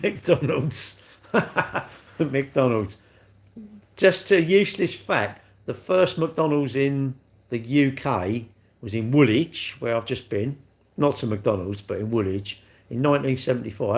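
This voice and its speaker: Man, 60s, livestream host; rambling, self-mocking, laughs often, mid-pitched voice. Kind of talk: casual livestream chat reading comments.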